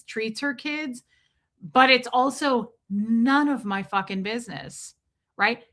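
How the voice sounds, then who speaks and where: A middle-aged American woman runs her live stream, speaking bluntly and peppering her talk with profanity. Her voice sits a touch high with a bright, forceful edge. She breaks off now and then to greet viewers and thank them for their messages. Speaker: livestream host. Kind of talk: live-stream commentary, reading super chats.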